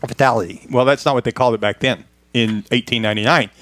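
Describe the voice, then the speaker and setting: A man's voice: mid-range voice, fast talker, a bit bright, no room sound. A man presenting a history segment on a radio car talk show, reading from a script with a good-humored chuckle.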